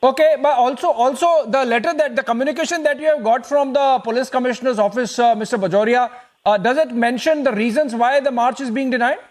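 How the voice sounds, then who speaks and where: A man anchors a live television debate, his voice sitting unusually high. He presses panelists with questions, often stumbling through hesitant restarts. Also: brisk. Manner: interjecting, repeated hesitations. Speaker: news anchor.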